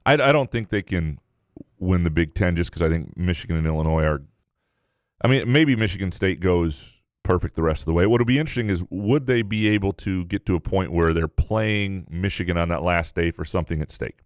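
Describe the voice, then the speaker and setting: A man co-hosting a sports podcast as a columnist, talking in a measured, analytical way and weighing each point out loud. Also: sits low, dry recording, studio quality. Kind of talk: casual sports chat.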